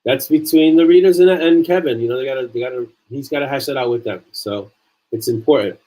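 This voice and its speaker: Male author-host, casual chat, earnest and emphatic, average pitch. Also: a little fast, mellow, low-quality recording. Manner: earnest, repeats phrases for emphasis. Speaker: author hosting a livestream chat.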